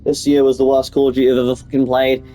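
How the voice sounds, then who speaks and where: A man's voice: mid-range voice, monotone, fast, mellow, soft background music, poor audio. Sick young man rambling over gameplay. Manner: rambling, profane, offhand. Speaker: gaming YouTuber. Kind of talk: casual gameplay commentary.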